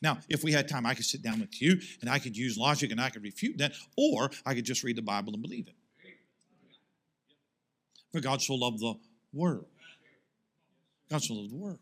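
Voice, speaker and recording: A male pastor preaching a sermon to his congregation in church. He asks rhetorical questions and rises into loud, emphatic swells. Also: mid-range voice, expressive, normal speed, long pauses, slightly rough.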